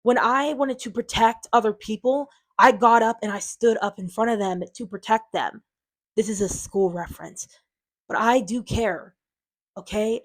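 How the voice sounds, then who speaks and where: A woman's voice: on the high side, normal speed. Frustrated woman ranting to her viewers. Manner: defensive, frustrated, rambling with many fillers. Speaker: channel owner. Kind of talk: unscripted vlog monologue.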